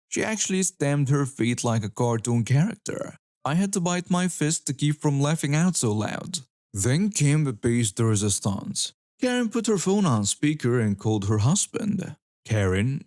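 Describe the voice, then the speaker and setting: Male narrator, mid-pitched, dry close voice-over, even read of reader stories. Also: a little slow, dry recording. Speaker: story narrator.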